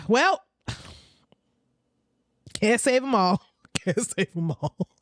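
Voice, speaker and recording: A woman's voice: on the high side, expressive, extremely slow, creaky, no echo. A woman hosting a reaction video, commenting bluntly and profanely and laughing often.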